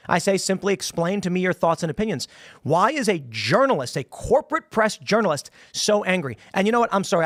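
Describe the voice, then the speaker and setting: A man's voice: fairly high pitch, fairly bright tone, no room sound, studio quality. A man hosting a political talk show, ranting with heated indignation. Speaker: podcast host.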